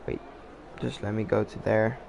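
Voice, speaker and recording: A man doing casual live-stream commentary on a sim racing league, rambling with many fillers and pauses. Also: on the low side, little pitch movement, gravelly, background noise.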